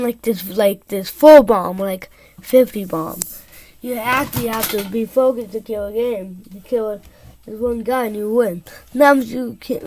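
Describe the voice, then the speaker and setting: A woman reacting to a video in casual commentary, rambling and excitable with loud outbursts. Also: a little high.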